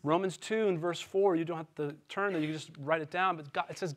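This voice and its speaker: A male pastor in his thirties preaching in a relaxed, storytelling way, self-deprecating and often checking that his listeners follow along. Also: a little high, fast, few pauses. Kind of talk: conversational storytelling sermon.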